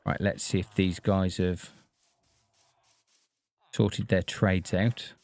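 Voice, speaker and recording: A man streaming a game, talking casually to himself and to the characters on screen in a relaxed, chatty way. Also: deep voice, slow pace, dry recording. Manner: chatty, talks to himself and the villagers. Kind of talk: casual gameplay commentary.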